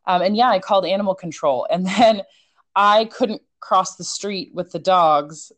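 A woman telling a story in a casual chat, animated and chatty, with many fillers. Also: medium pitch, normal speed.

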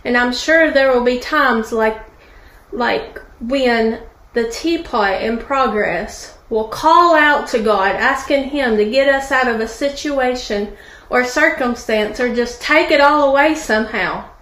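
Brief: woman preaching in a studio, slow and fairly high, echo in the room. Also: a bit bright. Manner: preaching asides with calls to the listeners. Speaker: guest speaker, pastor's wife. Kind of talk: sermon storytelling.

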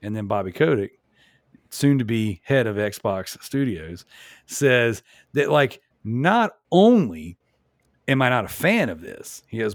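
A man's voice: mid-range voice, big pitch swings, slow, dry recording, clean studio sound. A man hosting a casual podcast, making his points emphatically, often restarting and asking "you know what I'm saying?". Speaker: podcast host.

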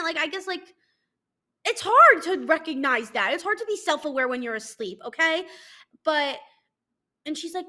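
A woman's voice: high voice, animated, normal speed, long pauses, sharp tone. A young adult woman hosting a solo podcast, ranting in a blunt, profane and self-mocking way. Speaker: podcast host. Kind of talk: casual solo podcast chat.

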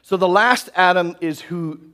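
A man's voice: sits high, a little slow, sharp tone. A male pastor preaching a sermon in a conversational way to a church congregation, often asking "right?". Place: church hall.

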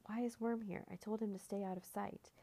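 A woman's voice: medium pitch, fairly even intonation, fairly quick, vocal fry, mellow. A woman voicing an eager, brave young boy in a children's storybook.

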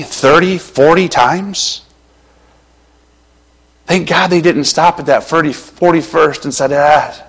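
A male pastor preaching a sermon with passion, moving between loud urging and hushed, quiet passages, his voice a little strained. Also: on the high side, vocal fry, husky, low-quality recording.

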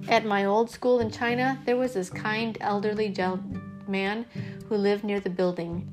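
A woman narrating a storybook aloud in the first person, expressive and lively. Her voice sits at an ordinary pitch, with faint music playing behind her. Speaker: audiobook reader.

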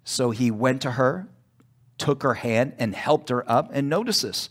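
A male pastor preaching a sermon in church, emphatic, pausing for call-and-response asides. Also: mid-range voice, expressive.

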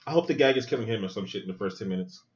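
Male podcast host with a very animated, crude watch-along delivery and a muffled lo-fi sound. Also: fairly low pitch, rapid-fire. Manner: loose, profane, joking running commentary. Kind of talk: casual movie watch-along commentary.

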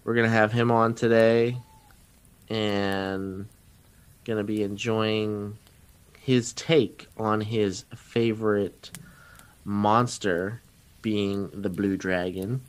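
A man hosting a podcast, joking and laid-back, with frequent pauses and fillers. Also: lowish voice, level tone, clear, resonant tone. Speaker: podcast host. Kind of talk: casual chat.

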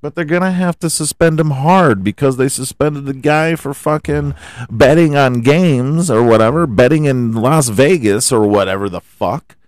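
A man's voice: mid-range voice, normal speed, a little mellow, no room sound. A man hosting a podcast, ranting about his football team in a heated, profane way and firing off rhetorical questions. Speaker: podcast host. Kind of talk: profane sports rant.

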